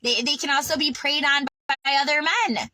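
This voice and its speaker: A woman tells her story to camera in a raw personal vlog, worked up and swearing freely. She stumbles and restarts her sentences as she talks. Her voice is high and bright, and the sound is close and dry. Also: moderate pace, dry recording, rough recording. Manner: agitated, swearing, stammering restarts. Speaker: vlogger. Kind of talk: unscripted personal vlog rant. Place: on her sailboat.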